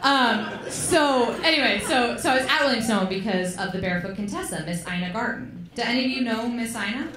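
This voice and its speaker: On a club stage, a woman with a higher voice performs a chatty stand-up set at a brisk clip with few pauses, swearing and dropping in "um" fillers. The echoey club recording is full of audience laughter.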